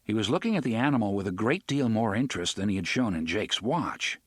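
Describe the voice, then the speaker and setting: This audiobook narrator is a man with a fairly low pitch, reading steadily and deliberately. The sound is studio quality, with no room sound.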